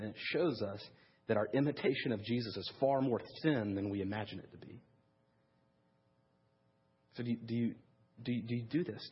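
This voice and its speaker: A man's voice: medium pitch, slightly rough, dull audio. A man preaching a sermon in a casual, conversational way, telling a story with many fillers. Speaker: pastor.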